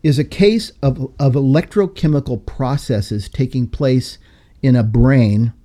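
A man's voice: mid-range voice, a little slow, warm tone. A man hosting a podcast discussion, talking in an emphatic, lecturing way. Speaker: podcast host.

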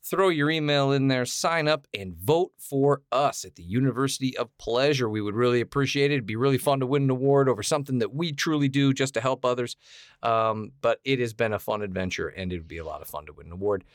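A man's voice: medium pitch, quick pace, dry recording, studio quality. A man co-hosting a podcast, rambling with playful, self-mocking banter. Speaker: podcast co-host. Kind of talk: casual banter.

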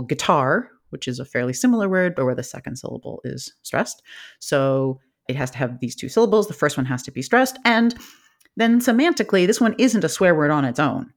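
An academic guest talks through a research topic with an enthusiastic, laughing manner, often jumping up in pitch. The voice sits at a middling pitch and sounds like easygoing podcast chat. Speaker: linguist guest. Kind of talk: animated academic podcast interview.

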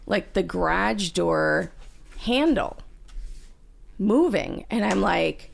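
Gravelly-voiced woman telling a story. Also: on the low side, very slow, pauses often. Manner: animated, acts out her own panicked lines. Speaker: podcast co-host. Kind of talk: casual storytelling chat.

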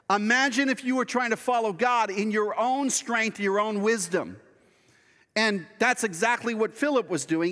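A male pastor delivers a sermon in a high, light voice. He talks in an earnest, conversational way and often turns to the listeners with rhetorical questions. His words trail off into the long reverb of a large hall. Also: a bit bright.

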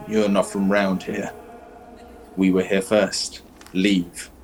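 A man's voice: deep voice, level tone, slow pace, soft background music, voice pushed down. A man voicing a hooded armed man who gives curt, threatening orders. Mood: menacing. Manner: curt, clipped demands.

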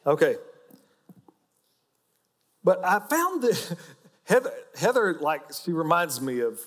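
Folksy Oklahoma pastor in a big hall. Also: male voice, a little high, slow. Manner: folksy, joking, animated preaching. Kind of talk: sermon.

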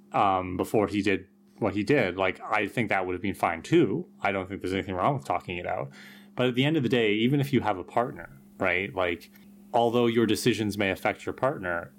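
A man with a fairly low voice co-hosting a podcast. He argues his view in a reasoned way and restarts phrases as he thinks. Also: fairly bright tone, a little hiss or hum. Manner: reasoned, arguing a point with restarts. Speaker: podcast co-host. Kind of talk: casual chat.

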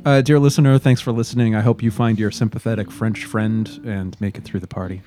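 A man's voice: lowish voice, steady tone, fairly quick, mellow, soft background music. A man co-hosting a podcast in casual chat, joking dryly with hesitant fillers. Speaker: podcast co-host.

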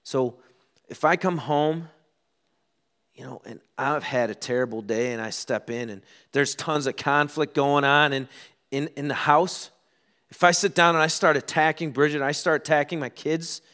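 A middle-aged man preaching a sermon, telling stories and acting out quoted lines with lively ups and downs. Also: fairly high pitch, normal speed. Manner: animated storytelling, acts out quotes. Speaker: pastor.

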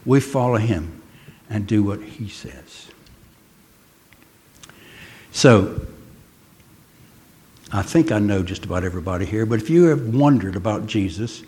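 An older man preaching a sermon in an earnest way, pausing often and slowing down to stress key words. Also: lowish voice, mellow. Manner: earnest, pausing, slows for emphasis.

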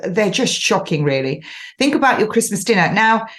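A woman's voice: medium pitch, big pitch swings, normal speed, a bit bright. Chatty woman host giving advice. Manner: chatty, instructive, laughs now and then. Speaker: show host. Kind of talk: casual advice monologue.

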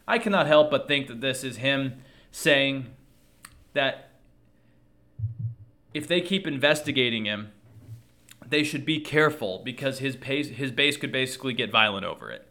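A man delivering an earnest political commentary monologue to his viewers, measured and thoughtful, with frequent fillers. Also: medium pitch, bright, forceful tone.

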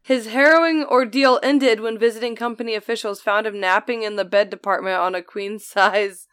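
Clear-voiced woman, dry close sound. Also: a little high, fairly even intonation, normal speed, fairly bright tone, no echo. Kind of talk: reading an article aloud and chatting.

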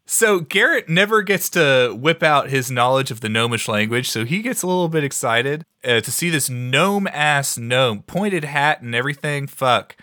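A man's voice: medium pitch, lively intonation, normal speed, few pauses, pushed and bright, dry recording, studio quality. A man playing a tabletop game, joking and swearing casually. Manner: joking, profane. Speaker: player.

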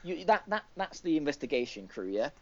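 A man's voice: fairly high pitch, sing-song, quick pace, darkish tone. A man co-hosting a gaming podcast, rambling through casual chat with lots of fillers and restarts. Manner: rambling, filler-heavy retelling with many restarts. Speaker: podcast co-host. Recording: dull lo-fi podcast audio.

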